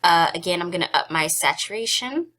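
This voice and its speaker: A young woman hosting a casual software tutorial. She is chatty and giggly, with self-deprecating asides, and sounds slightly out of breath. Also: lowish voice, lively intonation, a little fast. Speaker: photography tutorial host.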